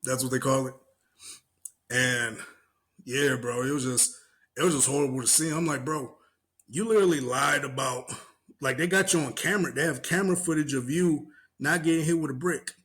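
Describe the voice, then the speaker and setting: A young podcast co-host talks a bit quickly at medium pitch, animatedly replaying an online spat. Casual, profane slang, mimicked voices and laughter fill his chat.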